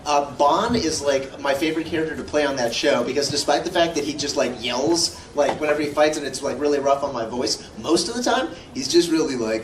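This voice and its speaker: Chatty animated man in an echoey hall. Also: on the high side, fairly quick, hardly any pauses. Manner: rambling and animated, with lots of filler words. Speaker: voice actor guest at a convention panel. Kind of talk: casual Q&A storytelling. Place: large convention hall. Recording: echoey hall from far off with hum.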